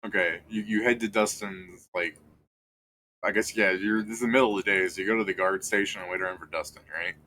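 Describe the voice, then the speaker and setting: A man's voice: low-pitched, steady tone, brisk, sharp tone. A man narrating a tabletop game as game master, jumping into character voices. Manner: voices characters with bursts of energy.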